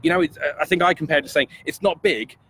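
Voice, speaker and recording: A man's voice: fairly high pitch, fast talker, sharp tone, slight background noise. A man co-hosting a casual lesson, rambling and playful, often restarting his sentences. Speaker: co-host. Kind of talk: casual teaching chat.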